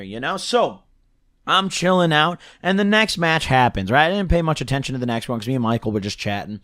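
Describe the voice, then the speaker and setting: A man's voice: a little high, lively intonation, brisk, a bit bright, no echo, studio quality. A young man telling a long story to the camera, casual and slangy, rambling with constant filler words, his throat a bit scratchy. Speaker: storyteller vlogger.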